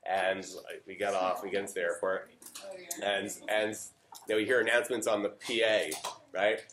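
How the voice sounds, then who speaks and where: A man's voice: on the low side, little pitch movement, normal speed, fairly bright tone, slight background noise. A middle-aged man from Canada, a rabbi giving an informal Torah talk, chatting with many fillers and joking asides. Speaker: rabbi teaching a class. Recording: roomy echo.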